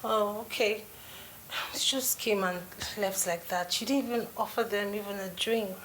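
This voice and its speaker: A woman's voice: mid-range voice, steady tone, normal speed, a bit bright, a little hiss or hum, natural voice. An actress playing a friendly young wife who greets her husband's guests, with a Nigerian accent. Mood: cheerful. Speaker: cheerful new wife.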